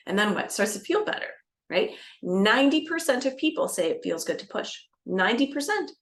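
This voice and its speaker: A woman doula explaining birth practice to camera, lively and expressive, acting out scenes and dropping into a soft calm voice. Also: medium pitch, a little fast. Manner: animated, acts out scenes with gasps and shifts to a soft calming voice. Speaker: doula educator. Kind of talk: educational talk to camera.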